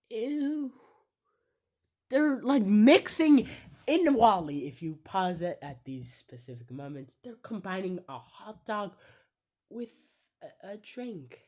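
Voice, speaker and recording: A woman with a lowish, lively voice comments on a movie she keeps pausing. She speaks slowly, reacting with groans of disgust and frequent whispered asides. The tone is casual and chatty. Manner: disgusted exclamations, often drops to a whisper. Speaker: YouTuber reacting to a film.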